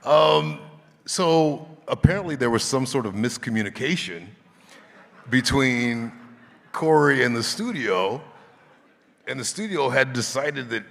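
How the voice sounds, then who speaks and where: A man being interviewed on a convention stage, telling stories from his acting work with a relaxed, laughing manner. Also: medium pitch, unhurried, gravelly, pauses often. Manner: relaxed storyteller, laughing often. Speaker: actor guest on a panel. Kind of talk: anecdotal storytelling. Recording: reverb of a large hall.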